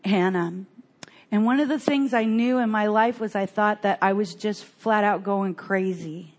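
An older woman telling her personal recovery story in an earnest, halting way, often restarting her sentences. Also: mid-range voice, darkish tone.

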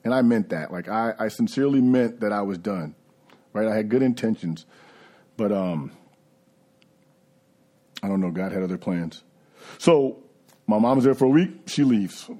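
A man's voice: lowish voice, expressive, moderate pace, pauses often, warm tone. A man giving a candid, conversational personal recovery testimony. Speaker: recovery speaker.

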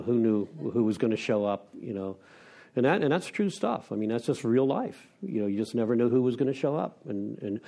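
A man's voice: medium pitch, dark tone. Frank, wry middle-aged man sharing. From Pennsylvania. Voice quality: rambling, with restarts and self-deprecating laughs. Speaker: recovery meeting speaker. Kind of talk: candid personal share.

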